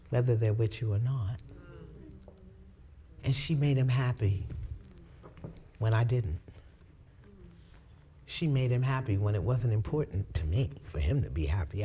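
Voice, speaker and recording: A woman on a talk show telling a personal story of forgiveness, laughing often, acting out her own thoughts and sometimes dropping to a hushed near-whisper. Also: very deep voice, a little hiss or hum. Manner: drops to hushed near-whispers at tender moments.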